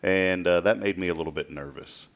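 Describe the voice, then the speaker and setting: Deep voiced guy in his late 30s, chatty host, rambling stories, laughs a lot. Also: fairly quick. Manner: chatty storyteller, laughs often. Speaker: podcast host. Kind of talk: casual chat.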